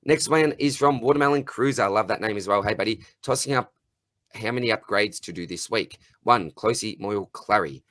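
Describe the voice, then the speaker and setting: A man's voice: lowish voice, fairly quick, a bit bright, dry recording. An Australian man hosting a sports podcast, reading listener questions in a chummy way. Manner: friendly and chummy, calls everyone mate and buddy. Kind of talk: casual podcast chat.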